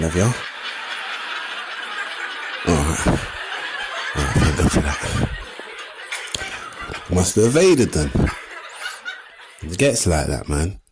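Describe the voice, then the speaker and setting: A man with a very low voice and an East London accent, performing stand-up on a comedy stage. He talks in streetwise slang and acts out his stories with plenty of energy. A faint hiss sits under the recording. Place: comedy stage before a live audience.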